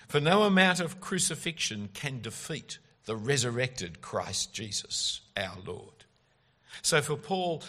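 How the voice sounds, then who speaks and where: A man's voice: medium pitch, pushed and bright, husky. A man preaching an expository sermon, emphatic and full of rhetorical questions.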